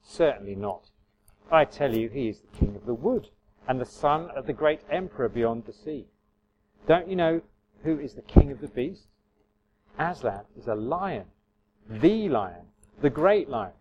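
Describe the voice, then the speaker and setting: A man's voice: mid-range voice, lively intonation, measured pace, long pauses, a little mellow, a little hiss or hum, lightly acted. A man reading aloud as a stern male beaver from a storybook, speaking with firm emphasis. The recording is slightly muffled. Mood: stern, insistent.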